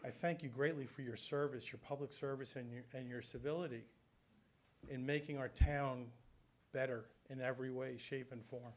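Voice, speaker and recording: A man of ordinary pitch addresses his fellow council members at a public meeting. His farewell remarks are earnest and conversational, loose and unscripted. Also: fairly even intonation, moderate pace, a little mellow, slight background noise.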